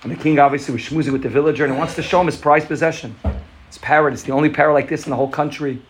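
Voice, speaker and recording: A man's voice: a little high, fairly even intonation, very fast, a little hiss or hum. A man giving a fervent Hasidic farbrengen talk, telling a parable and often repeating words and restarting.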